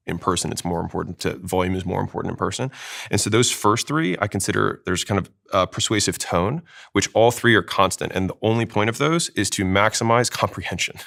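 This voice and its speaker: Male sales teacher on a panel; very low, fast, emphatic delivery. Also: vocal fry, fairly bright tone. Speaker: sales expert guest. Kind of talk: panel discussion.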